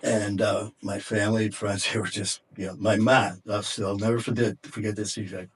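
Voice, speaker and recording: A man's voice: on the low side, level tone, brisk, slightly rough. A middle-aged man and podcast guest telling an intense, emotional story in conversation, profane and at times choked up. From Detroit area, USA.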